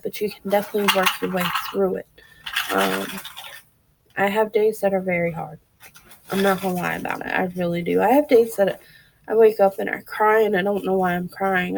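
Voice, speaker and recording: Over poor audio, a woman with a mid-range, slightly mellow voice vlogs candidly, talking earnestly and openly right to her viewers in a personal video.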